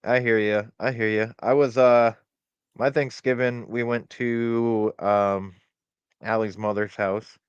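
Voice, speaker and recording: A man's voice: medium pitch, little pitch movement, slow pace, clear, resonant tone, dry recording, dull audio. A man hosting a live streamed chat show with a stuffy nose from a cold, talking in a laid-back way with many fillers and swear words. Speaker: podcast host. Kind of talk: casual chat. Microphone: webcam or desk mic on a live stream.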